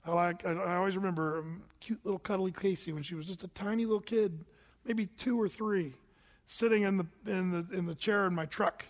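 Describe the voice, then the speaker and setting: A man's voice: high-pitched, fairly quick. A middle-aged man preaching a sermon in a large church, telling stories and acting out the voices in them. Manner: animated storytelling, acts out voices. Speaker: pastor. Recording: long hall reverb.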